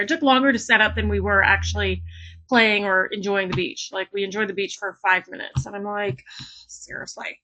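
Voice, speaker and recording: A woman's voice: a little high, bright, forceful tone, rough recording. A woman, chatting casually in her home art studio, rambling with fillers and laughs. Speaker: craft vlogger. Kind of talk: casual chat.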